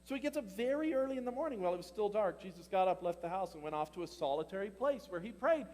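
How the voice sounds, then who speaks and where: Male pastor, high voice, animated conversational sermon, long church-hall reverb. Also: fast talker. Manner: animated, conversational preaching with laughs and questions to the congregation.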